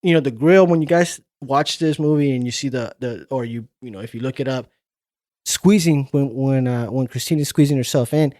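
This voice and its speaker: A man co-hosting a podcast, retelling movie scenes in a profane, animated casual chat. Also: mid-range voice, normal speed, no room sound, studio quality. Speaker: podcast co-host.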